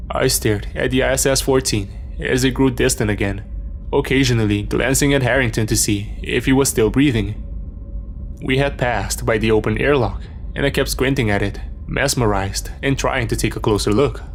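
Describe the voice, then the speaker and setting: A man narrating a first-person horror story in a steady, measured way, in a scripted storytelling style. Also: medium pitch, slight background noise.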